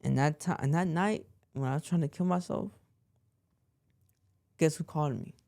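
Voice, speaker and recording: A man's voice: on the high side, moderate pace, a little mellow, no echo. Young guy podcast host, dry close sound, just rambling on about his life, repeats stuff a lot. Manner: rambling, repeats himself, lots of "like". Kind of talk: personal storytelling.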